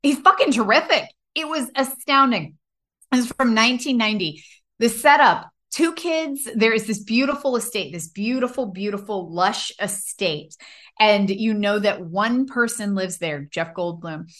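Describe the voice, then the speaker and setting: A woman's voice: fairly high pitch, normal speed, fairly bright tone. A woman co-hosting a podcast, chatting casually and enthusiastically, swearing freely. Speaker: podcast co-host. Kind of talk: casual chat.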